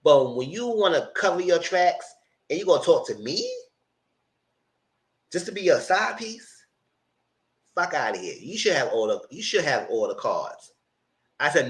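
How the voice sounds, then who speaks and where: A man's voice: a little high, very animated, unhurried, long pauses. A man hosting a casual live recap of reality TV. He talks bluntly and profanely and laughs often. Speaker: channel host reviewing reality TV.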